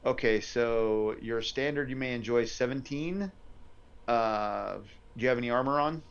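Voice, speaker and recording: A man's voice: medium pitch, measured pace, clean tone. A man running a tabletop game as game master, thinking aloud over rolls and rules in a lo-fi live-stream recording. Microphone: headset or desk mic on a live stream.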